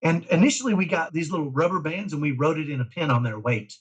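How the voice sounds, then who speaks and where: A middle-aged man from Dallas, a parent guest talking in an emphatic, energetic way in a casual interview. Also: fairly high pitch, quick pace, breathy edge, low-quality recording. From Dallas, Texas. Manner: energetic, emphatic, self-described type A.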